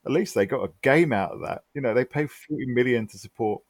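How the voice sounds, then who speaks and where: A man's voice: mid-range voice, a little fast, dry recording. A man co-hosting a podcast in casual chat, emphatic and exasperated, firing off rhetorical questions. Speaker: podcast co-host.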